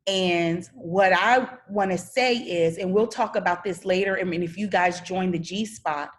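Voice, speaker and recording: A middle-aged woman hosting a live coaching session, telling a candid, confessional story. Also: medium pitch. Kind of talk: live-stream coaching talk.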